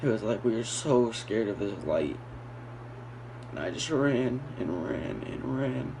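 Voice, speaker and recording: A man's voice: mid-range voice, lively intonation, unhurried, vocal fry, noisy background. A man recounting a frightening dream in a fearful, pleading way.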